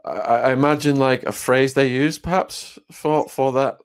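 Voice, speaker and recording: A man hosting an interview, briskly reading out questions from viewers. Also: medium pitch, steady tone, clean tone. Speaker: podcast host.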